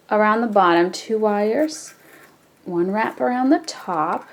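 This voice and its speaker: A woman hosting a jewelry-making tutorial, explaining each step in a relaxed, chatty way with frequent fillers. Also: mid-range voice. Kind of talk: casual step-by-step craft tutorial.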